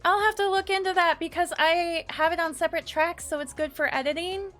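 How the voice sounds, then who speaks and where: A woman's voice: very high voice, fairly even intonation, fairly quick, a bit bright. A woman streaming live, chatting casually and nervously with her viewers, giggling and greeting people by name. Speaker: VTuber streamer. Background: faint background music.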